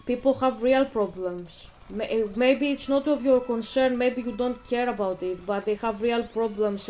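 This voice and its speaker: A woman's voice: mid-range voice, a little mellow, muffled recording. A woman streaming a game, chatting casually in a rambling way, repeating herself and breaking off for game moves. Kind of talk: casual livestream chat while gaming.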